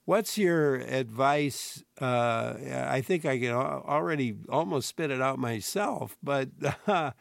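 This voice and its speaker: A man hosting a public radio interview, friendly and a bit halting, stumbling over words now and then. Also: mid-range voice, expressive, creaky, dry recording. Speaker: radio show host. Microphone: studio microphone.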